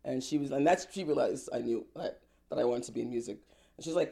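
Animated woman singer telling stories. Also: a bass voice, fast, gravelly. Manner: lively, laughs often, acts out quotes. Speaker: singer-songwriter guest. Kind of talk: animated personal storytelling.

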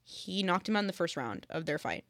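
A young woman in casual sports chat, rambling quickly with lots of filler words. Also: on the low side, very animated, fairly bright tone. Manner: rambling, fast, heavy "like" filler.

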